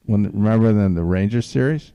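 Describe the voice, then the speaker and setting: A man's voice: on the low side, fairly quick, dark tone, smooth, no echo, highs cut off. A man hosting a podcast, musing and rambling through casual sports chat. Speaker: podcast host.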